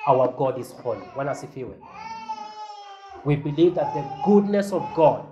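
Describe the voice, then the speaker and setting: A man's voice: a little high, slight background noise, rough recording. A man preaching a sermon as pastor, earnest and emphatic, with a repeated refrain to the congregation.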